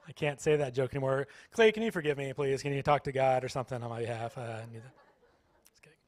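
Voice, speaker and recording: A man's voice: mid-range voice, quick pace, dry recording. A man doing stand-up comedy at a church, playfully teasing the audience. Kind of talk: stand-up comedy with crowd work. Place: church stage.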